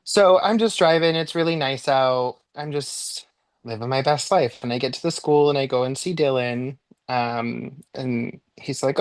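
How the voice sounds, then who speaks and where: Guest storyteller, male, chatty and lively, middle pitch, dry recording. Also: measured pace, dry recording. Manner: animated, jumps high in pitch when replaying his own panic; chatty with frequent likes and ums. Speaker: podcast guest. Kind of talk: casual storytelling.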